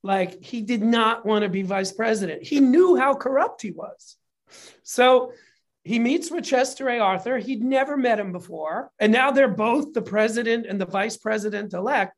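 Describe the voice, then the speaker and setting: Animated, profane male storyteller. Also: high voice, normal speed. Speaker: film and TV producer, guest. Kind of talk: casual storytelling interview.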